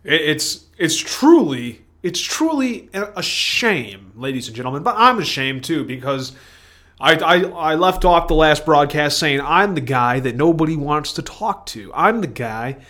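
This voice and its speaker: A man with a fairly high voice hosts a solo podcast. He rambles from thought to thought in a digressive stream of consciousness, often breaking off mid-phrase and starting again. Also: lively intonation, moderate pace, bright, forceful tone. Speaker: podcast host.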